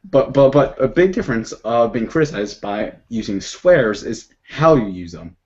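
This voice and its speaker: A woman with an extremely low voice chats casually, stammering and repeating her words in a playful, blunt way. Her pitch swings widely, and the recording is dull and lo-fi. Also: animated, normal speed, darkish tone. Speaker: chat guest. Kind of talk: casual chat.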